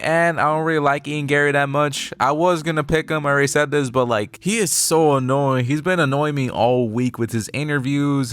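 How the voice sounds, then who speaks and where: A man's voice: a little high, a bit bright, no echo. A young man giving a casual, opinionated breakdown of an upcoming fight, chatty, peppered with "like" and "bro", laughing now and then. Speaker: MMA fight analyst.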